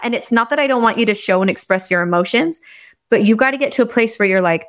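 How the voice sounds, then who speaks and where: A woman's voice: fairly high pitch, a little fast. Chatty woman hosting a conversation. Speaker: host. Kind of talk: casual conversation.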